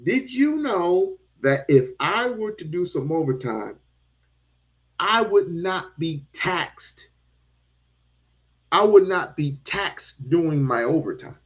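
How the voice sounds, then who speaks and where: A man talking politics in a casual chat, animated and given to repeating words and casual swearing. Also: a little high, slow pace. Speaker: podcast host. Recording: dull lo-fi sound.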